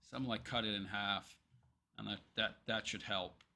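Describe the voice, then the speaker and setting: A man's voice: fairly low pitch, steady tone, normal speed, creaky, sharp tone. A man hosting a casual livestream, rambling and hesitant, with many ums and restarts as he reads chat and picks topics. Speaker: livestream commentary host.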